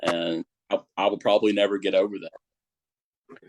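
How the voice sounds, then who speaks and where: A man's voice: sits low, fairly even intonation, normal speed, dry recording. A man, a paranormal investigator chatting casually on a podcast, rambling nervously with lots of fillers.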